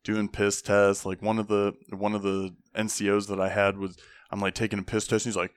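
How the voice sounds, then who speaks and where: Speaking a little fast with a fairly low, clean voice and no echo, a young man who served in the army tells casual stories. He swears frequently and animatedly acts out whoever he's quoting.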